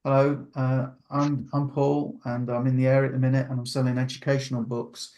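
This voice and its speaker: A man voicing a hesitant male door-to-door book salesman with a flat, halting delivery. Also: medium pitch, natural voice.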